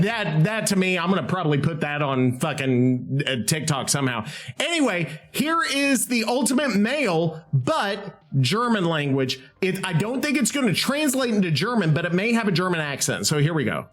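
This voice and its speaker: Excitable swearing man, lively pitch. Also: normal speed, soft background music. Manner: excitable, swears freely, rambling. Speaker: host. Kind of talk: casual talk while using AI tools.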